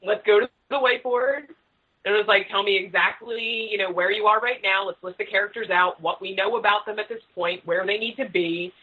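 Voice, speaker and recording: Chatty, animated woman on a muffled recording. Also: medium pitch, fairly quick, hardly any pauses, breathy edge. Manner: chatty, animated, swears freely. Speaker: guest author. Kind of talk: casual podcast chat.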